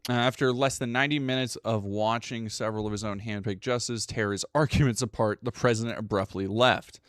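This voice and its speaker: A man's voice: on the low side, steady tone, a little fast, clear, resonant tone, no room sound, clean studio sound. A man streaming live, reading news articles aloud and breaking off into profane, sarcastic asides while thanking chat.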